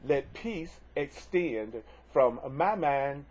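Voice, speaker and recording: A man with a husky, breathy voice leads a spiritual lesson, reading out affirmations and repeating them over and over. He speaks earnestly and breaks in with folksy asides. The sound is dull and lo-fi, like an old home video. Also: fairly high pitch, animated, extremely slow, a little mellow. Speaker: spiritual teacher.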